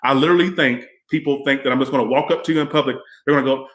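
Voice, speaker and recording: Casual male tarot livestreamer, mid-pitched, rambling and profane, echoey room. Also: rapid-fire, few pauses. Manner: rambling, chatty, swears freely. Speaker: tarot reader and livestream host.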